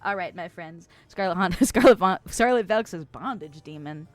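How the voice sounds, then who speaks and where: A woman's voice: on the low side, expressive, moderate pace, dry recording. Giggly woman streamer in a dry room. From US West Coast. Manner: playful and giggly, laughs often; chatty with frequent fillers and restarts. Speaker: streamer host. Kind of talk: casual live-stream chat, reading chat messages.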